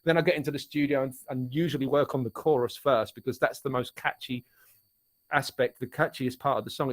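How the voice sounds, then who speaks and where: A middle-aged man from Essex with an Essex English accent, chatting casually as a guest and rambling with frequent restarts. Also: medium pitch. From Essex, England. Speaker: musician and author guest. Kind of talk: casual chat.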